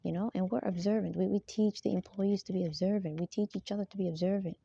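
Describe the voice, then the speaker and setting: A woman's voice: mid-range voice, fairly even intonation, fast talker, vocal fry, mellow, breathy edge. A woman in a rambling monologue who keeps asking for agreement and laughs between her points. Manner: rambling, repeatedly seeks agreement. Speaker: spiritual vlogger. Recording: dull lo-fi dry sound.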